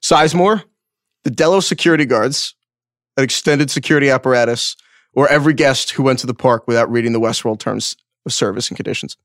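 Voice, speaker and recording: A man's voice: medium pitch, brisk, a bit bright, no room sound, clean studio sound. A man co-hosting a podcast, presenting awards in a mock-solemn, joking way. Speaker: podcast co-host. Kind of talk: casual chat.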